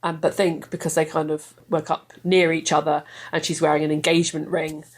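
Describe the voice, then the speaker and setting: A woman's voice: deep voice, little pitch movement, brisk. Chatty, enthusiastic woman. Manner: enthusiastic, chatty, laughing often. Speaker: podcast guest. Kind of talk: casual chat.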